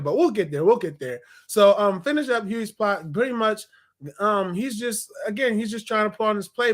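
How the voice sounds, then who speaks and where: A young man in a casual review vlog, animated and slangy, laughing as he retells scenes. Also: sits high. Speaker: TV episode reviewer.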